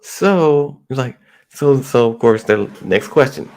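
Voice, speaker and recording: A man's voice: mid-range voice, expressive, slow, a little mellow. A man casually telling a rambling personal story at home, slipping into his friends' voices as he quotes them. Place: home near a highway.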